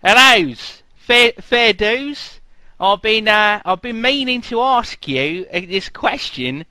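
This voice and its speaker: A man voicing an overeager male Australian fan at a convention, with a bad put-on Australian accent, loud and hesitant, in an improvised comedy bit. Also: expressive, no room sound, heavily acted. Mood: eager. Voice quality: loud, high, slow and hesitant. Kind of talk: improvised comedy role-play.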